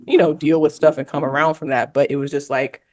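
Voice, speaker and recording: A woman's voice: deep voice, steady tone, fairly quick. A woman on a podcast panel, candidly and reflectively telling a personal story in casual conversation.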